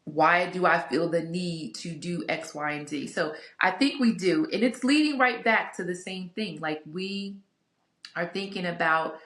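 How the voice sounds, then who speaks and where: A woman's voice: fairly low pitch, a little slow, a bit bright. Chatty woman in an echoey room. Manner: candid, chatty, many fillers and asides. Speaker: vlogger sharing a couples Bible study. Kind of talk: casual reflective talk to camera.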